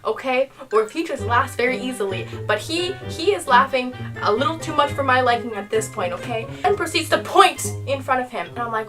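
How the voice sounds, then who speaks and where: A woman's voice: high voice, animated, moderate pace, far from the mic. A young woman vlogger telling an exasperated storytime tale, peppering it with "okay?" over background music. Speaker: YouTuber. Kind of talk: storytime vlog.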